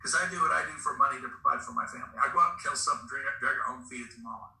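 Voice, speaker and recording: A man's voice: medium pitch, rapid-fire, bright, forceful tone. A middle-aged man giving a fired-up motivational talk on a group call, telling stories to push his listeners. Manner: fired-up, preachy storytelling. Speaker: real estate brokerage recruiter. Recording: echoey room, distant mic.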